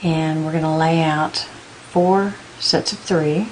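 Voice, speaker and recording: A woman giving a patient step-by-step beading tutorial, counting out beads slowly as she works. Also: low voice, steady tone, darkish tone, slight background noise, low-quality recording. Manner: patient, counts beads aloud in slow steps. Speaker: beading instructor.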